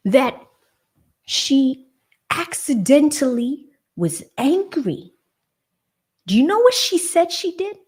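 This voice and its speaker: Female livestream host, true crime commentary; indignant, emphatic, slow and deliberate delivery. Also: mid-range voice, a little mellow. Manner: indignant, emphatic, talks straight to viewers.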